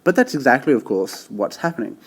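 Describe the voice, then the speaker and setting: A male teacher explaining a topic in a relaxed, chatty way, often checking in with the listener and restarting his sentences. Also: medium pitch, a little fast, slightly rough. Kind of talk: casual classroom explanation.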